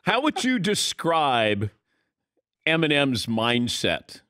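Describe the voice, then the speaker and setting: A man's voice: on the high side, wildly swooping pitch, slow pace, sharp tone, no room sound, clean studio sound. A man hosting a casual sports talk show, asking questions and laughing easily.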